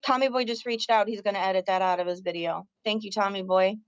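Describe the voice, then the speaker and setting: A woman's voice: medium pitch, steady tone, fast, dry recording, muffled recording. A woman ranting angrily and profanely on her livestream, confronting her viewers head-on. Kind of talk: angry livestream rant.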